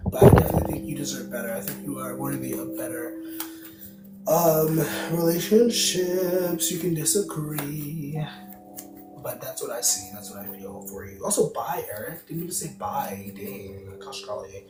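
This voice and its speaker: A man's voice: a little high, moderate pace. Chatty man reading tarot on livestream. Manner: rambling, chatty, answers viewer comments aloud. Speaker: tarot card reader, livestream host. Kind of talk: casual livestream chat. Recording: roomy, distant mic, music behind. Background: music playing.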